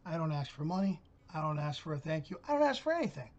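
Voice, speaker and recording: A man's voice: fairly high pitch, big pitch swings, fast, darkish tone, highs cut off. A middle-aged man hosting his own channel, telling a story in a blunt, profane rant. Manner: blunt, gruff, cursing storyteller. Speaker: channel host.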